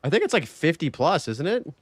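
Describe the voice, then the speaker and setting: A man streaming a game live, chatting casually, reading chat aloud and swearing freely in loose, excitable talk. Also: fairly high pitch, a little fast, no echo.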